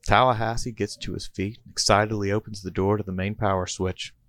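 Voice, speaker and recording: A man's voice: fairly low pitch, steady tone, fairly quick, fairly bright tone. A man and podcast host reading out a comedy story in a playful storytelling manner. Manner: playful storyteller, chuckling between bits.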